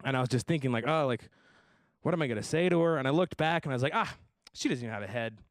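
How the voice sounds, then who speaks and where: A young man hosting a stand-up comedy show, telling deadpan self-deprecating jokes and slipping into voices for the people he quotes. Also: mid-range voice, fast, no room sound, studio quality. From Tucson, Arizona area. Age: young adult. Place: comedy stage before a live audience.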